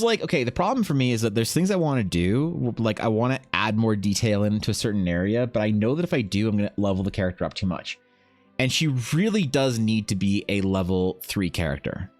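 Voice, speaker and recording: Low-pitched male streamer who rambles and swears as he works, faint music underneath. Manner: rambling, swears, talks to himself and chat. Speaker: artist streaming live. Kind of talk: casual live-stream chat while drawing.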